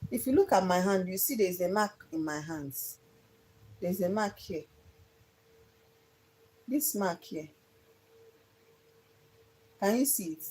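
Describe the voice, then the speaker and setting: A woman's voice: mid-range voice, animated, slow pace, pauses often, darkish tone, a little hiss or hum, rough recording. A young woman earnestly telling her life story to viewers on a phone livestream, often repeating herself. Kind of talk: casual personal storytelling on a livestream.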